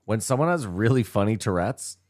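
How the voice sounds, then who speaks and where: A man's voice: on the low side, lively intonation, a little fast, darkish tone. A man co-hosting a podcast, trading crude jokes and laughing often in casual banter. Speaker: podcast co-host.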